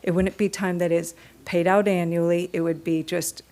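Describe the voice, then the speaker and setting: A woman presenting a proposal at a city work session, explaining it in a steady way. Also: fairly low pitch, moderate pace.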